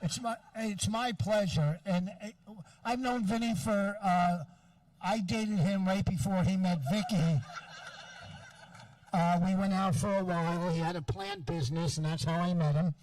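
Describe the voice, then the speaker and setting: A woman giving a halting stage introduction outdoors, pausing often with filler sounds. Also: fairly low pitch, fairly even intonation, darkish tone, recorded from a distance, rough recording. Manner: halting, many uh pauses. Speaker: introducing the headliner. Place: outdoor parking lot show.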